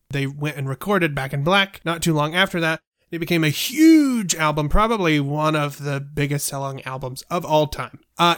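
Male co-host, easygoing explainer, a bit high-pitched, dry sound. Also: fairly bright tone, dry recording. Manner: explanatory, loose, with fillers. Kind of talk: casual chat about films and music.

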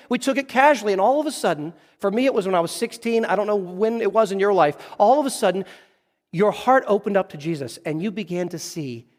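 Guy preaching in a church, kinda high voice, lots of restarts, big hall echo. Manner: storytelling, earnest, with frequent restarts. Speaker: pastor. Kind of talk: sermon. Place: church sanctuary.

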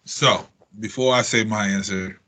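A man's voice: fairly low pitch, fairly even intonation, measured pace, bright, forceful tone. A man hosting a casual podcast chat in a laid-back way, prompting the others to talk. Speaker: podcast host.

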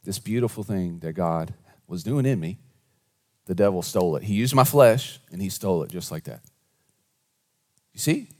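Preaching to his congregation at normal speed, a pastor leaves long pauses. He alternates soft, low asides with spirited, raised storytelling.

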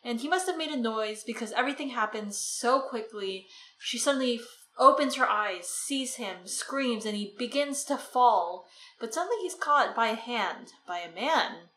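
In an echoey room with faint noise, a woman with a fairly high, sharp, expressive voice co-hosts a casual book discussion at a normal speed. She retells the story in a chatty way, peppered with "like" and "right."

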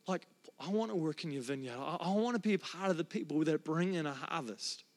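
Earnest high-voiced male pastor preaching. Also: lively intonation, fairly quick. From New Zealand. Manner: earnest, emotional storytelling with frequent restarts. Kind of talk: sermon. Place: church.

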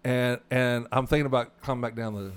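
A man with a South Arkansas accent co-hosts a casual faith talk. His voice sits at an ordinary middle pitch. He wanders through his stories and keeps restarting his sentences. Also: fairly even intonation, fairly quick, clean tone. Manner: rambling storyteller, many restarts. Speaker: podcast co-host.

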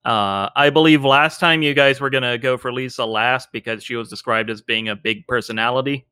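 A man narrating a tabletop game as game master, halting and full of filler words. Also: medium pitch, sharp tone, clear, resonant tone, dry recording.

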